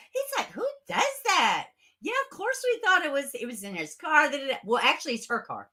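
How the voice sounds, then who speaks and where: Woman, casual livestream host, sarcastic, swearing, very lively pitch, close camera mic. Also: normal speed, long pauses. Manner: sarcastic, animated, swears and laughs often. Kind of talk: casual livestream chat reading comments. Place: home, close to a webcam.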